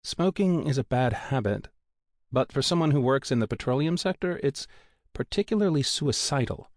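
A man's voice: medium pitch, expressive, normal speed, no echo, studio quality, voice pushed up, natural voice. A man voicing a gloomy, serious male drilling supervisor who explains dangers in a sober tone. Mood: glum.

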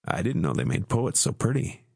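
A man's voice: mid-range voice, sing-song, normal speed, gravelly, slightly rough, dry recording, clean studio sound, pitched above the performer's own voice, exaggerated voice. A man doing a brash, crude young soldier. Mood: wry. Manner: wry, swaggering, coarse. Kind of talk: audiobook character voice.

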